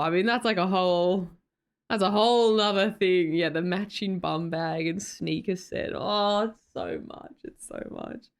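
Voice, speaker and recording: A woman's voice: on the low side, vocal fry. A young Australian woman hosting a livestream, chatting casually with viewers and reading their comments, giggly and full of fillers and self-corrections. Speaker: livestream host.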